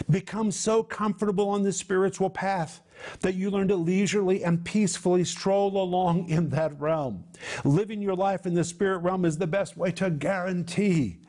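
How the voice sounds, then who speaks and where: On a televised Bible teaching, a man with a high-pitched, slightly mellow voice speaks emphatically and directly. He piles up long lists of synonyms and addresses his audience as "my friends."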